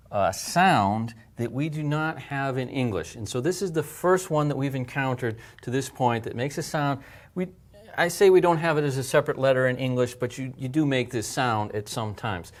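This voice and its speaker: This language teacher speaks at normal speed in a mid-range male voice while walking through letter shapes. He explains pronunciation and handwriting patiently, one step at a time, demonstrating the sounds as he goes.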